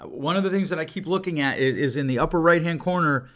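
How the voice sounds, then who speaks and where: A man's voice: fairly high pitch, fast, a bit bright. A middle-aged man hosting a solo podcast, talking earnestly and reflectively at his computer mic, often restarting and repeating words. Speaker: podcast host. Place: home recording setup at a computer. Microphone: desk microphone.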